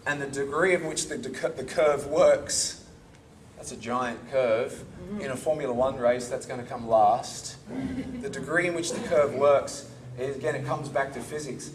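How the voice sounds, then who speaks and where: A man's voice: mid-range voice, steady tone, moderate pace, slight background noise. A man teaching a karate seminar, demonstrating moves and checking in with the group. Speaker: karate instructor. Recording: echoey hall, recorded from far off.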